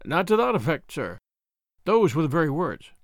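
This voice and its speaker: A man voicing a troubled railway signalman who speaks in a low, hushed and grave way. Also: very animated, moderate pace, dry recording, studio quality. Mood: uneasy. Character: haunted, troubled middle-aged male railway signalman.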